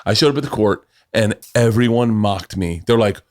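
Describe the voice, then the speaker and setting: A middle-aged man hosting a podcast, telling animated stories in casual chat, swearing freely and laughing as he talks. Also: fairly low pitch, normal speed. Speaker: podcast host.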